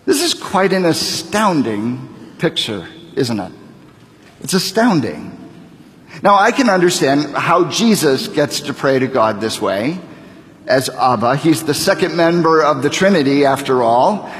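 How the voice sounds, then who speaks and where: A man in his thirties, a pastor preaching a sermon, speaking deliberately and building to fervent emphasis. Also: fairly high pitch, sing-song, a bit bright. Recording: long reverb of a large hall.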